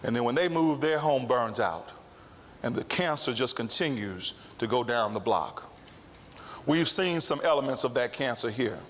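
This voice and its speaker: A man's voice: medium pitch, fairly bright tone, slight background noise. A man telling a story in a public speech at a summit, with emphatic repetition. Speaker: summit speaker. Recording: long hall reverb.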